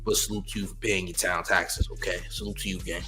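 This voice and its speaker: A man's voice: low voice, little pitch movement, fast, pushed and bright, faint music behind. A man hosting a livestream, teasing and trash-talking viewers in his chat while reacting to clips. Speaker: livestream host. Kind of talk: casual livestream commentary.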